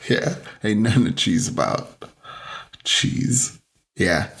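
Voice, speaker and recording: A man's voice: fairly low pitch, takes it slowly, gravelly, slightly rough. A man co-hosting a podcast, telling stories in casual chat, acting out quoted voices and swearing freely. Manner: animated, acts out quoted voices. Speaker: podcast co-host.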